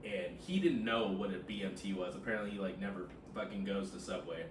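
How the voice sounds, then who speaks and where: A man who manages a sandwich shop, telling stories in an animated, swearing way, saying bro a lot. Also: deep voice, a little fast. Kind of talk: casual podcast chat, storytelling. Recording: roomy, far from the mic, noisy.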